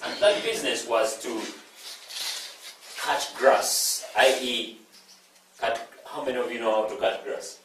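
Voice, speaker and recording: A man from East Africa giving an inspirational storytelling talk, animated, repeating phrases and asking the audience questions. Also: medium pitch. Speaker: inspirational speaker. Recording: very echoey hall, speaker far from mic, faint noise.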